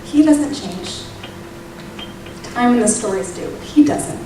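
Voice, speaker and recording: A woman's voice: fairly high pitch, expressive, a little slow. Woman teaching Bible study in echoey room. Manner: candid and personal, with emphatic rises. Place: church room. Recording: echoey room, distant mic, faint noise.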